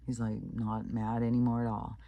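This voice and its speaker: With a warm, medium-pitched voice and a monotone delivery at normal speed, a Kansas channel host casually recounts a creepy anecdote. The telling rambles, packed with fillers and restarts.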